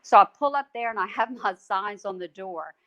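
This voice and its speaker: A woman with a Louisiana Southern accent tells animated stories on a panel. She acts out quotes and laughs as she goes. Her pitch sits in a middle range. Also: normal speed, highs cut off. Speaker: state representative. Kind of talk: panel discussion storytelling.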